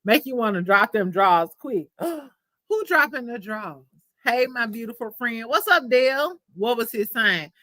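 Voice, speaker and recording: A young adult woman hosting a casual livestream chat, telling stories in a candid, profane, animated way. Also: fairly high pitch, measured pace, dry recording. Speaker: livestream host.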